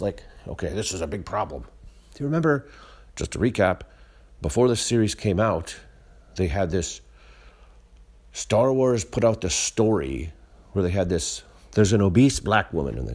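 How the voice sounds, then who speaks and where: Low husky-voiced man ranting. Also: expressive, normal speed, a little mellow. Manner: blunt, profane, disgruntled, rambling with restarts. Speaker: podcast host. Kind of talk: solo monologue rant.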